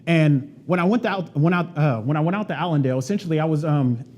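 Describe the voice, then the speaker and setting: Male keynote presenter, fairly high voice, warm and dark tone, casual and chatty storytelling to an audience. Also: fast talker. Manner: casual and animated, heavy on "like" and "right?". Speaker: conference presenter. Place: event stage before an audience.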